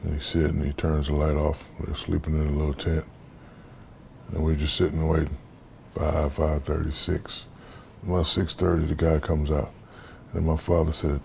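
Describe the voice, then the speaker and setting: A man in his fifties from the United States, an interview guest telling stories in a relaxed, casual way and acting out the voices in them. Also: a bass voice, moderate pace, vocal fry, slight background noise. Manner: relaxed storyteller, acts out quoted dialogue.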